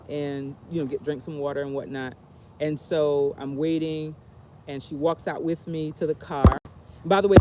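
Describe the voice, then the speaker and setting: A woman's voice: low-pitched, mellow, slight background noise. Chatty woman telling a story outdoors. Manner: chatty, rambling, lots of fillers. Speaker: travel vlogger. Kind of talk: casual storytime livestream. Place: outdoors on a bench.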